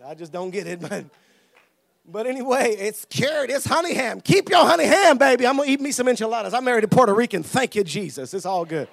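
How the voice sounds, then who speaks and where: A man preaching a lively sermon with humor, laughing often, shouting for emphasis and acting out the people in his stories. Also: very high-pitched, a little fast, gravelly, some chatter behind. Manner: acts out quoted voices.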